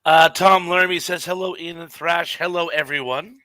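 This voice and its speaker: A man's voice: on the high side, fairly even intonation, moderate pace, pushed and bright, no echo, poor audio. A middle-aged man co-hosting a live podcast, reading out viewer comments and chatting about them. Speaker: podcast co-host. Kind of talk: casual live-stream chat.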